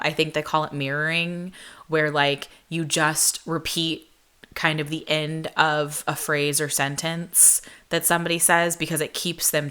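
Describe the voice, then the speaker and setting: A young woman hosting a podcast, telling a story in casual chat, full of "like" fillers and quoting people in higher, sharper voices. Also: pushed and bright, clean tone. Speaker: podcast host.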